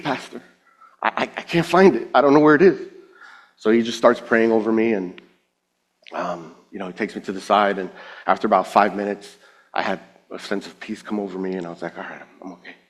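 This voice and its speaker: A man's voice: medium pitch, in a large hall. Man telling a heartfelt personal testimony. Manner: emotional storytelling, acts out quoted dialogue. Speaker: speaker at a finance event.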